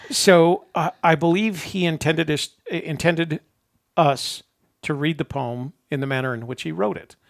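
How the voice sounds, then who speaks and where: A man's voice: on the high side, unhurried, vocal fry. An older man, chatting casually as a show host and rambling through stories while chuckling at himself. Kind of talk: casual chat.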